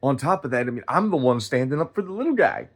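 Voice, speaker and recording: A man's voice: mid-range voice, animated, fast talker, husky. A man telling a rambling story in a casual, profane rant. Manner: profane, rambling storytelling, loud when reenacting quotes. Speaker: streamer.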